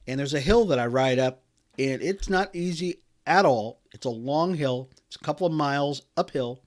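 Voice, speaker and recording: A man's voice: mid-range voice, normal speed. Emphatic man giving a pep talk. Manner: emphatic, pep-talk delivery with many restarts. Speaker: podcast host. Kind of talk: motivational talk.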